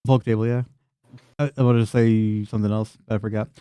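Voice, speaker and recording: A man's voice: on the low side, little pitch movement, fairly quick, dark tone, smooth, no room sound. A man narrating a tabletop game as game master, casual and laughing, with frequent swearing.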